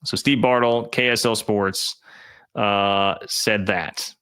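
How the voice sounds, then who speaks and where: A man hosting a college football commentary show, talking to his viewers in a bright, forceful voice. He makes his points emphatically, leaning hard on key words, in a loose conversational way. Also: on the low side, fairly even intonation, slow, smooth. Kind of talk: opinionated sports commentary.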